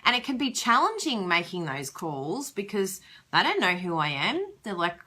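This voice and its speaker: A young woman talks through business tips in a relaxed, chatty way. Her voice is bright and forward, sitting at a middle pitch. She laughs easily and slips into quick acted-out quotes. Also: slightly rough. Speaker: direct sales vlogger. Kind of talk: casual advice talk.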